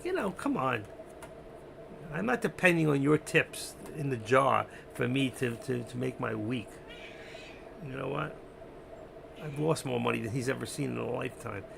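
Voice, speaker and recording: A man's voice: very animated, normal speed, background noise. A man hosting a live trading stream, rambling casually about his trades and breaking off to talk to his cat. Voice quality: gravelly. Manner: rambling, talks to his cat in a high sing-song voice.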